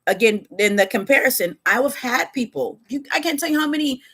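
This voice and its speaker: A woman with a fairly high voice, chatting on a live stream in a Californian American accent. She talks to her viewers in an animated, conversational way and breaks off to address them directly. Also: fairly quick, slightly rough. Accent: Californian American English. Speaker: webcam model giving advice on a live stream. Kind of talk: casual live-stream talk.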